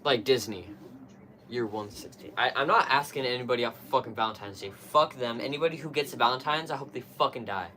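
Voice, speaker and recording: A man's voice: mid-range voice, fast, sharp tone, a little hiss or hum. A young man streaming live, chatting casually in a crude, slangy, ranting way full of swearing.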